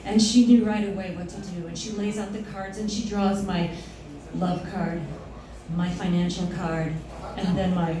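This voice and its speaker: A woman telling a personal story live on stage in an animated, self-mocking way, often laughing through her lines. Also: mid-range voice, normal speed. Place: stage in a hall before an audience. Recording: echoey hall, distant mic, audience.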